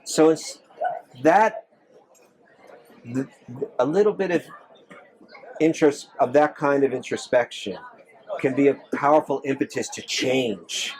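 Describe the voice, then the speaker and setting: Man, monk at live Q&A, earnest, restarts often, mid pitch. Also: unhurried, pauses often, darkish tone, rough recording. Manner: earnest, repeats phrases, frequent restarts. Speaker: monk answering audience questions. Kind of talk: live Q&A talk. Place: temple hall with audience.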